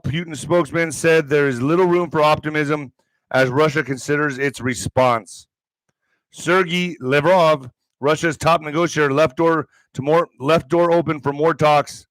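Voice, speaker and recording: A man's voice: fairly high pitch, normal speed, a bit bright, no room sound, poor audio. A man hosting an online commentary show, reading news items aloud and breaking off into profane, sarcastic asides. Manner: profane, sarcastic asides between read headlines.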